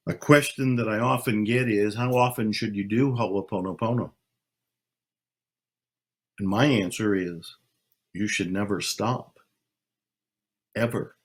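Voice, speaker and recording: An older man speaking slowly and calmly, leading a guided meditation with long pauses. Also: medium pitch. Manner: slow, calm, soothing, with long pauses. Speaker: self-help speaker. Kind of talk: slow guided meditation talk.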